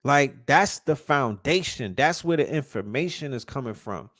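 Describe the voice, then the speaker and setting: A mid-pitched man delivering a casual, heated rant full of profanity. He presses his points hard and trips over repeated words as he gets going. The recording is dry and close, with no room sound. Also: animated, normal speed, fairly bright tone, no echo. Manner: repeats and restarts words when fired up.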